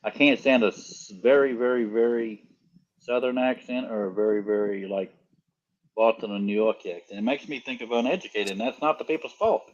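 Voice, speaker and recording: A man's voice: mid-range voice, brisk, lo-fi sound. A man chatting casually on a livestream call, telling stories and laughing often. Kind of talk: casual chat.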